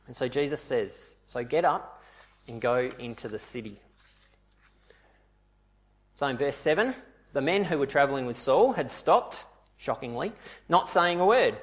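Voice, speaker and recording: A man delivers a sermon in a middle-range voice. He retells the scripture as a vivid story and keeps turning to his listeners with rhetorical questions. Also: medium pitch. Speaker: preacher.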